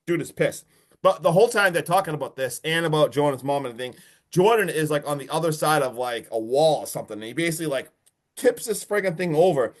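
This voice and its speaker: Podcast co-host, male, slightly high voice, animated and profane, rambling recap. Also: fast. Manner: excited, swears a lot, many fillers. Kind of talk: casual movie recap.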